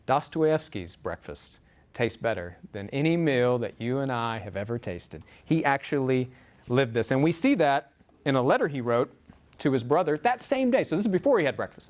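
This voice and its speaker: Guy preaching a sermon, tells it like a story, lots of restarts and repeats, voice jumps up on the big words. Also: fairly quick. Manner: lively, rising pitch on emphasized words.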